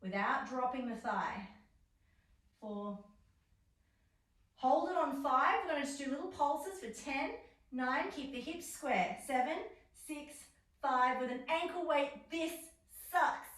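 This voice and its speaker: A woman's voice: high-pitched, expressive, unhurried, pauses often, fairly bright tone. A young adult woman leading a stretching class, counting reps and giving encouraging cues. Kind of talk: guided exercise class instruction. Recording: roomy echo, voice from far off.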